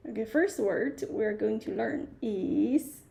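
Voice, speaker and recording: A woman teaching Chinese words on a live stream, speaking slowly and repeating each word several times while stressing its tones. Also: fairly high pitch, animated, vocal fry, warm tone. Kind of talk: live-streamed language lesson. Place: live stream set-up at home.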